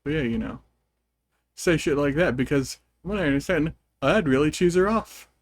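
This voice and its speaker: A man's voice: a little high, animated, moderate pace, no echo. Rambling, amused male game streamer. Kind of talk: casual chat while gaming.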